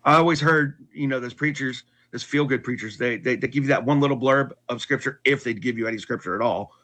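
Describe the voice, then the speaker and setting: Husky-voiced man telling his story candidly. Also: medium pitch, fairly quick, a bit bright. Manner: candid, with frequent restarts and wry laughs. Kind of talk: casual personal storytelling.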